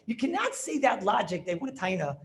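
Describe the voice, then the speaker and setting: A rabbi teaching a Talmudic halacha class, arguing through points with rhetorical questions and yeshiva-style English full of Hebrew terms. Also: male voice, high voice, big pitch swings, fairly quick, vocal fry, a bit bright.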